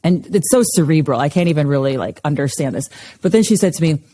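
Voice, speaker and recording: A woman's voice: low voice, animated, quick pace, mellow, in a large hall. A woman yoga teacher, a podcast guest, telling stories in casual chat and laughing often.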